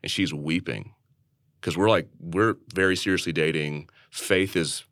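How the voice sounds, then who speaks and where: A low-pitched man speaks earnestly on a podcast about faith, telling his own story in a candid, conversational way. He often restarts and repeats words as he thinks aloud. The sound is close and dry, with no room echo. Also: unhurried, a bit bright. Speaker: church leader and podcast co-host.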